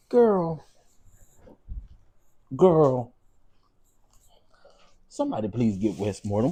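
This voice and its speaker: A man's voice: fairly low pitch, lively intonation, a little slow, pauses often, dark tone, slightly rough. A man hosting a livestream, giving sassy, teasing live commentary with laughing asides. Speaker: livestream host.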